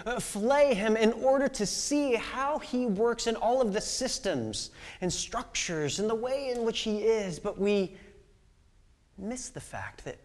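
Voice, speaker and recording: A man with a notably high voice delivers an impassioned sermon. He retells a scripture story with voices for each figure. His volume swings from ringing peaks down to near-whispers. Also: expressive, unhurried. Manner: dramatic swings from loud to hushed whisper. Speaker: pastor.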